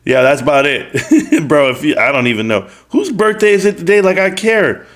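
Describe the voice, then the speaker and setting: Lively man hosting a live stream. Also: a little high, normal speed. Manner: animated, joking banter with frequent laughs. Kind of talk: casual live-stream chat, reading out viewer comments.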